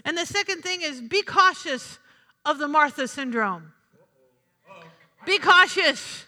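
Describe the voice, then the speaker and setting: High bright-voiced woman preaching in a hall. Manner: lively preaching with acted-out asides, rising and dropping sharply. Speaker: pastor. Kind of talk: sermon.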